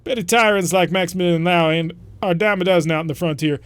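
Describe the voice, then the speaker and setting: A brash frontier mercenary commander in a video game, defiant and unafraid, spitting back at a tyrant, read out by a man. The lines are pushed out louder than his usual talk. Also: high-pitched, fast, clear, resonant tone, dry recording.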